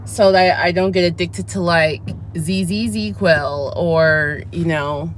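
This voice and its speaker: A woman's voice: lowish voice, steady tone, slow, slight background noise. A woman vlogger talking candidly in a casual chat review, acting out her side of conversations as she tells them. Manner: chatty and candid, acts out her side of dialogues.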